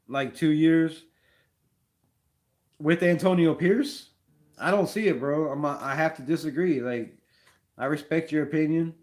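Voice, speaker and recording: A man hosting a casual live sports talk stream, rambling and animated, peppering his talk with slang. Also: a little high. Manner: rambling, animated, says "bro" a lot. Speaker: fan show host.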